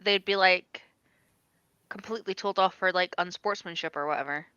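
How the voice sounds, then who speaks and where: A young adult woman co-hosting a casual chat, talking in a halting, filler-heavy way. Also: on the low side, sharp tone, smooth, no echo. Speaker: livestream co-host. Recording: dull, dry lo-fi audio.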